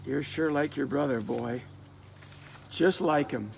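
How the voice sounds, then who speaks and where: A man's voice: medium pitch, slow, vocal fry, a little hiss or hum. A man voicing an anxious young woman who scolds and fears for her sweetheart, in a dramatic reading of a play with rural dialect. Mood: urgent, scolding.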